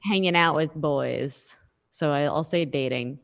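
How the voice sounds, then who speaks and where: A woman's voice: sits low, a little slow, creaky, in a large hall. A woman co-hosting a casual podcast, playful and giggly as she answers. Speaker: podcast co-host.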